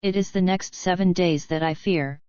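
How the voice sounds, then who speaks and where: Brooding young prince, read by a woman, offhand, cross, audiobook, smooth voice, lo-fi sound. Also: fairly low pitch, fairly even intonation, moderate pace, darkish tone, no room sound, close to an everyday voice. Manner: careless, cross, fearful. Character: moody young male prince, careless and brooding. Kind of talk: audiobook character reading.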